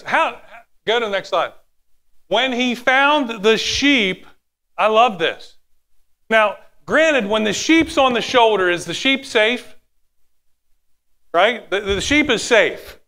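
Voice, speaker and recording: A bright, high-voiced preacher man. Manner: animated, dropping to a hushed tone and acting out quotes. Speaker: pastor. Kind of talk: sermon.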